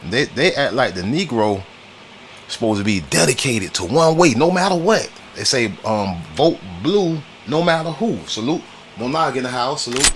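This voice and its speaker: A man's voice: mid-range voice, lively intonation, moderate pace, fairly bright tone, slight background noise. Slangy man hosting a talk stream. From United States. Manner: slangy, repetitive, greets chat viewers between points. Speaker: livestream host. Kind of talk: casual political talk stream.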